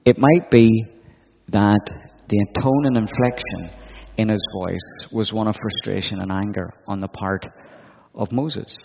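A man's voice: fairly low pitch, measured pace, creaky, a little hiss or hum. A man preaching a sermon in a reflective way, often putting questions to his listeners. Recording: dull audio with long hall reverb.

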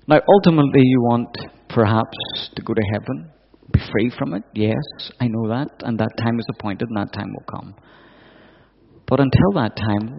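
Guy preaching, thoughtful, keeps asking the crowd questions, gravelly voice, dull audio. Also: medium pitch, moderate pace. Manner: reflective, asks the listeners questions. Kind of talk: sermon. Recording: dull audio with long hall reverb.

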